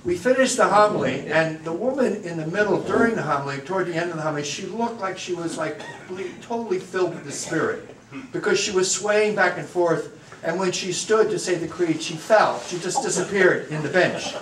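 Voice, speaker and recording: A man's voice: sits high, brisk. Priest guy telling a funny story to the parish, self-deprecating, distant mic with a faint hum. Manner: lively anecdotal, self-deprecating humor. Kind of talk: humorous storytelling talk to a parish group. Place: church or parish hall. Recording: echoey, distant mic, faint room noise.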